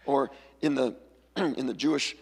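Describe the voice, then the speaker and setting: Man, pastor, gravelly husky voice, conversational sermon, long church reverb. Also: mid-range voice, a little slow. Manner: conversational storytelling, animated character voices. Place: church sanctuary.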